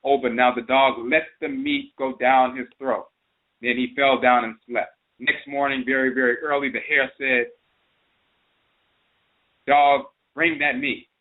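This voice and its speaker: A man's voice: mid-range voice, little pitch movement, normal speed. A man hosting a radio show, telling a folktale and explaining its terms with emphatic repetition. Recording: phone-line internet radio.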